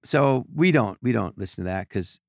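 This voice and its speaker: Older man, gravelly voice, dry close sound, rambling storyteller, podcast guest. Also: lowish voice, animated, normal speed, no echo. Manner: rambling anecdotes with repeated restarts. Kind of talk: casual storytelling.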